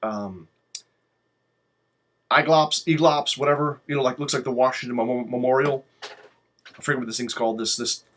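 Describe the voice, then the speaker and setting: A man telling his own travel stories in a casual, rambling way, swearing freely and getting animated. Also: mid-range voice, moderate pace, long pauses. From lives in Poland. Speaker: vlogger.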